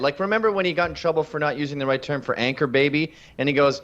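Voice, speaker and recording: A man from Canada argues his side as a debate guest, casual and blunt with a wry edge. His voice sits a touch high for a man, and the sound is a little dull and lo-fi. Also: fast, few pauses, fairly bright tone. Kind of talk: political debate.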